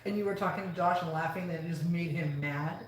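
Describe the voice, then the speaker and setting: A woman's voice: fairly low pitch, fast talker. Chatty woman in an echoey room. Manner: chatty, filler-heavy retelling, prompting the other speaker. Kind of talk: casual chat. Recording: very echoey room, faint noise.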